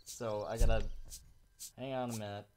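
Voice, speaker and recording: A man's voice: lowish voice, steady tone, moderate pace, a little mellow, slight background noise. A young man co-hosting a video game playthrough, crude and teasing, swearing often at his friend. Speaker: gaming video co-host. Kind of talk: casual let's-play banter. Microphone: desk mic.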